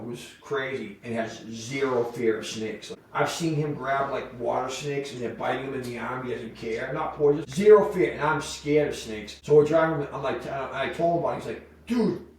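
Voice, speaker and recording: A middle-aged man, telling lively stories on a podcast and acting out the voices of the people in them. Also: mid-range voice, moderate pace, hardly any pauses. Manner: animated storyteller, acts out quoted voices. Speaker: podcast guest. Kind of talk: storytelling in casual chat. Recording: echoey room, distant mic, faint noise.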